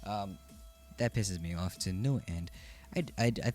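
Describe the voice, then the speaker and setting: A man's voice: deep voice, measured pace, a little mellow, soft background music. A man streaming, chatting casually and reacting to stories in a rambling, self-interrupting way.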